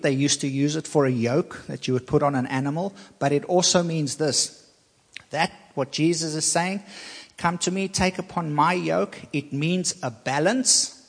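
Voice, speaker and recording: Guy preaching a sermon, kinda high voice, slow and emphatic, repeats stuff, lots of hall echo.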